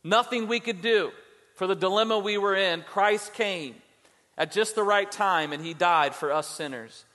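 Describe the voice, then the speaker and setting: A male pastor preaches with a high voice, building to passionate emphasis and then dropping quiet and low. The sound rings with the long reverb of a church hall. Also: normal speed. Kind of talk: sermon.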